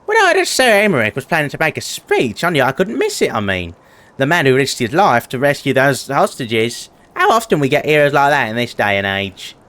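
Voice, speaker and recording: A man's voice: wildly swooping pitch, brisk, fairly bright tone, no echo. A man voicing an eager, chatty townsperson who gushes with admiration for a knight, reading game dialogue aloud. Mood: gushing. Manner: gushing, breathless admiration with pitch leaping high.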